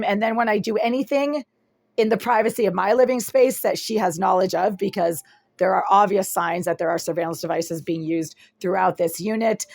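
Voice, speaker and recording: A woman films an agitated first-person complaint vlog on her phone in her small apartment, talking insistently and repetitively while piling up descriptions. Her medium-pitched voice is gravelly with a darkish tone, and there's no room sound.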